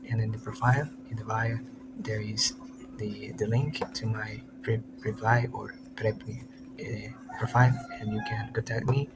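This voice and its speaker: A male tutor teaches in English, a he speaks haltingly, often restarting words midway. His tone stays level, with little rise or fall. A steady hiss of background noise runs under the recording. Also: mid-range voice. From Latin America. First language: Spanish. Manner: halting English with many restarts and self-corrections. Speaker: Spanish tutor. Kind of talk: online language lesson.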